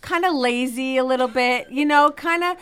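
Brash Brooklyn woman, smooth voice. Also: high voice, normal speed, a bit bright. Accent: Brooklyn, New York. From New York. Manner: brash, joking, self-mocking. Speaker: comedian guest. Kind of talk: casual chat.

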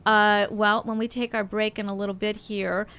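Woman radio host, casual and chatty, smooth resonant tone. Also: mid-range voice, level tone, moderate pace, fairly bright tone. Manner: chatty, upbeat, lots of fillers.

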